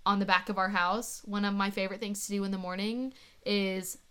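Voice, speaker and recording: A woman's voice: mid-range voice, little pitch movement, a little fast, a bit bright, clean tone. A young woman co-hosting a podcast, chatting casually and often filling with "like". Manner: chatty, giggly, lots of "like". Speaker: podcast co-host. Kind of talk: casual chat.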